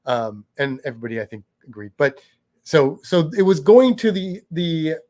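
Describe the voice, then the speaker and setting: A man's voice: a little high, very animated, normal speed, a little mellow. Rambling man co-hosting a chat. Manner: rambling, self-interrupting, frequent restarts. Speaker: podcast co-host. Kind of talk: casual chat.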